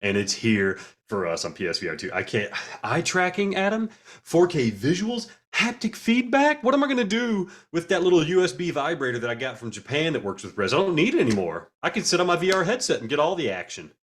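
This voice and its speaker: A man co-hosting a casual gaming podcast, animated and playfully dramatic in his jokes. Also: mid-range voice, fast, hardly any pauses. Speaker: podcast co-host.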